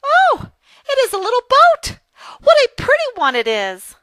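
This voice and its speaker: A woman voicing a cheerful little farm girl in a primer dialogue, with bright, eager exclamations. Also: high voice, sing-song, drawn-out words, no room sound, pitched above the performer's own voice, exaggerated voice. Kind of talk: reading a primer dialogue aloud.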